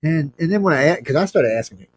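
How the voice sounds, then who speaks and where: A man's voice: a little high, expressive, fast. A man telling a long anecdote as a guest on a talk show, rambling, blunt and chuckling as he goes. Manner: rambling, chuckles through his story. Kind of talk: casual anecdotal storytelling.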